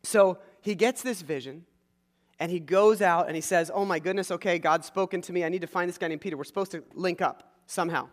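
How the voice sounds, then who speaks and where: A man preaching a sermon as pastor, retelling a story in an animated way and acting out the voices of the people in it. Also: high voice, fairly quick, long reverb tail.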